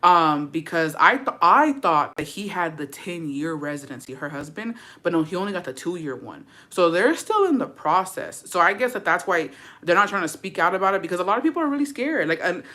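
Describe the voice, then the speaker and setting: A woman's voice: on the low side, sing-song, brisk, bright, forceful tone. A young woman vlogger chatting casually to her viewers, slangy and profane, dropping in Spanish words. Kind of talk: casual chat to camera.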